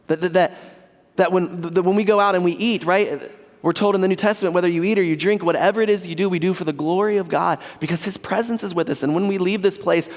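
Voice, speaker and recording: A man's voice: high voice, long reverb tail. A man preaching a sermon as pastor, earnest and conversational with asides to the congregation. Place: church sanctuary.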